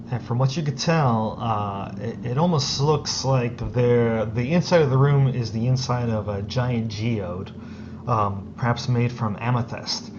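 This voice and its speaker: A man running a tabletop game as game master, narrating slowly with many fillers and pauses. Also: mid-range voice. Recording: lo-fi recording with clear background noise.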